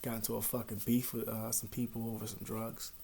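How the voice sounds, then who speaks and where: A young man talking casually to the camera at home, rambling and swearing, his voice sinking to a mutter and then jumping up loud. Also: fairly low pitch, monotone, fairly quick, gravelly, a little hiss or hum. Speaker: vlogger. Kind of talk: casual confessional talk to camera.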